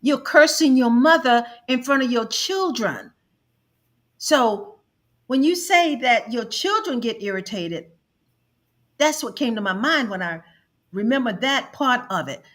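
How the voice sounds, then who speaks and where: A woman's voice: a little high, expressive, measured pace, fairly bright tone. A middle-aged woman hosting an advice show, speaking emphatically and acting out quoted family members as she counsels. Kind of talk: counseling talk.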